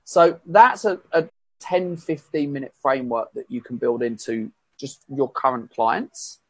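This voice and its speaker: A man's voice: mid-range voice, measured pace, slightly rough, dry recording. A man, a fitness coach, explaining his coaching method in a chatty, rambling way that corrects itself as he goes. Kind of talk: casual explanatory talk.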